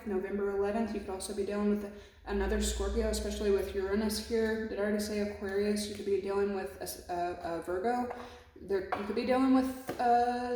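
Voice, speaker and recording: A woman's voice: medium pitch, dark tone. A woman giving a casual, emotional tarot reading, swearing freely and speaking in a reflective way. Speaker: tarot reader. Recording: very echoey room.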